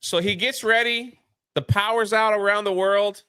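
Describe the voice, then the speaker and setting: A man reviewing a movie in casual chat, retelling the plot with lively, acted-out lines. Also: sits high, normal speed, clean tone, no room sound, clean studio sound. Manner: animated retelling, acts out lines.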